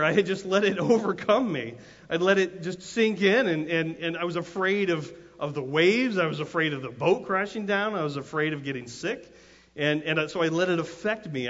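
A pastor preaches a sermon, telling a story loosely and conversationally with frequent restarts before rising to emphatic, impassioned cries. His voice sits on the high side and is a bit bright, in dull lo-fi audio with long hall reverb.

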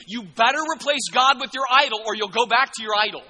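Man, preacher, sermon, high bright voice, animated and jokey, long hall reverb. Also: a little fast, few pauses. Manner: animated, jokey, acts out voices of people in the story.

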